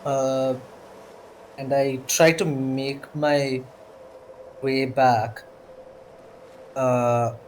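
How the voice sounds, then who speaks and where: Slow hesitant male player. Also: mid-range voice, level tone, slight background noise, poor audio. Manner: hesitant, halting with fillers. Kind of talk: casual game play.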